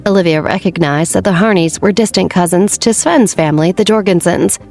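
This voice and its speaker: A woman narrating an audiobook romance novel in a steady, even storytelling manner. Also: lowish voice, a little fast, few pauses, soft background music. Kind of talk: scripted narration.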